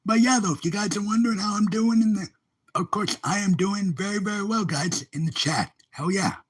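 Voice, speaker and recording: Husky rambling male streamer. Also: sits high, fairly quick. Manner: rambling, repetitive, upbeat filler exclamations. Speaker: live streamer. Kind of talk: casual livestream chat.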